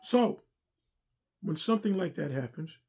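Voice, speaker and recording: A man's voice: on the high side, animated, a little slow, a little mellow, breathy edge. A middle-aged man speaking earnestly and a little preacherly as he gives a personal testimony about serving as a pastor's driver and armor bearer. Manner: earnest, preacherly, repeats himself.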